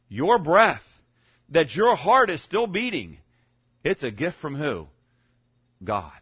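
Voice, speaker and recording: A man preaching a conversational sermon as a pastor, often checking in with the congregation and restarting his sentences, rising to emphatic peaks and dropping to quiet asides. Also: no echo. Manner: conversational, keeps asking "okay?", stammering restarts; swings between emphatic rises and low quiet asides. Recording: dull, muffled lo-fi recording.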